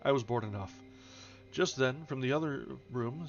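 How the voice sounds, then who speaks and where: A man with a medium-pitched voice reads a novel at a moderate pace on a livestream. He stumbles over foreign names now and then and corrects himself, recorded in dull lo-fi with faint music.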